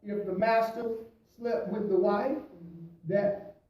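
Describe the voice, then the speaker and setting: A man, a pastor, preaching at a Bible study, swinging between loud emphasis and quiet asides, often adding "praise the Lord" and "hallelujah". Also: high-pitched, fairly even intonation, slow, dull audio. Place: church. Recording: echoey church from a distant mic.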